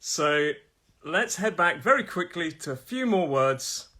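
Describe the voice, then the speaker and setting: A middle-aged man from England leads a live pronunciation lesson, his voice sitting a little high for a man. He chats freely, says each word slowly several times, and sounds as though he is losing his voice. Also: lively intonation, sharp tone. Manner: chatty, repeats each word slowly, laughs at own jokes. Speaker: pronunciation teacher.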